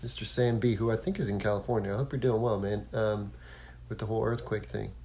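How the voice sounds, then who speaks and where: A man's voice: on the low side, fairly even intonation, fast talker, mellow, slight background noise. A man hosting a casual solo podcast, rambling along with lots of fillers and restarts. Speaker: podcast host.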